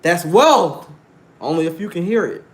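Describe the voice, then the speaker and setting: Man, 30s, livestream host; brash and preachy, slightly high, very animated pitch. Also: normal speed. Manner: brash, preachy, challenges chat viewers directly. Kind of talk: casual livestream monologue.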